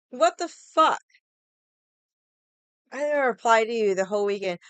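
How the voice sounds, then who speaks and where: Speaking unhurriedly with long pauses, a young adult woman rants to her stream in a medium-pitched voice that's smooth and a bit bright. She swears a lot, sounds exasperated, and mimics others in mocking quoted voices. The recording is dry.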